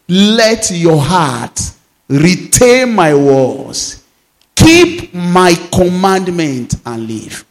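Man, pastor, sermon, high voice, drawn-out emphasis. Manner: preaching with slow, drawn-out emphasis on scripture.

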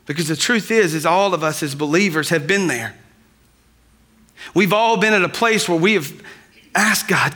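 High-pitched bright preacher man. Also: moderate pace, long pauses. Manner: conversational preaching, addresses the congregation directly. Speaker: pastor. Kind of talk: sermon.

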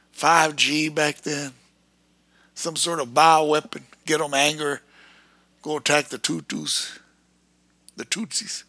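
A man ranting in a fiery, erratic preaching monologue, breaking into sudden shouted bursts. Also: fairly high pitch, no echo.

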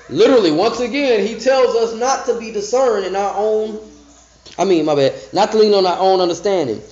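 A man teaching scripture casually on a podcast, reading verses slowly and breaking into restarts and asides. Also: high-pitched, darkish tone. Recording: dull, echoey room recording.

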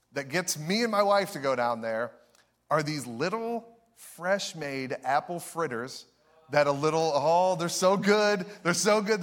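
A young man preaching a sermon, telling a story with animated energy, often laughing. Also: a little high. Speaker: pastor.

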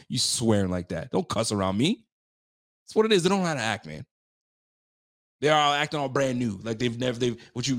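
A man hosting a casual sports talk show at a medium pitch. He rants with emphatic trash talk and loops back over his own words as he works himself up. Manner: animated, emphatic, ranting, trash-talking, often repeats himself.

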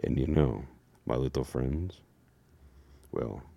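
A man putting on a slow, deep, mock-seductive voice that claims authority and control. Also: vocal fry, no echo, highs cut off, heavily acted. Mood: mock-sultry.

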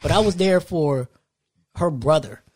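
A young man hosting a casual podcast chat, telling lively stories and acting out what people said. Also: fairly high pitch, unhurried. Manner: animated storytelling, acts out quoted lines. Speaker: podcast host.

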